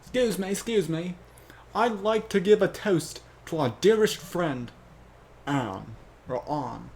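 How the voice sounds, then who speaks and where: A man's voice: high voice, expressive, takes it slowly, vocal fry, darkish tone, slight background noise, voice pushed up, heavily acted. A man putting on a chipper Australian cartoon frog. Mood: cheery. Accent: Australian (put on). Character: cheerful male frog, friendly and goofy. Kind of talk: trying out a cartoon voice.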